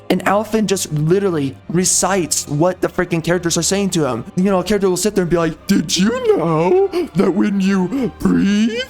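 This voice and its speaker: Sarcastic, exasperated high-voiced man. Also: a little mellow. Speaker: game reviewer. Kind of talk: ranting game review.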